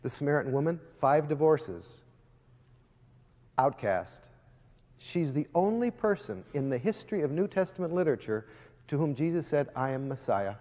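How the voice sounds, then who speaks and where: Man, slightly higher voice, fiery storytelling speaker; long reverb of a big hall. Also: very animated, moderate pace, pauses often, mellow. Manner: emphatic, storytelling, addresses the audience directly. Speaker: guest speaker addressing students. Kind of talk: impassioned preaching-style speech.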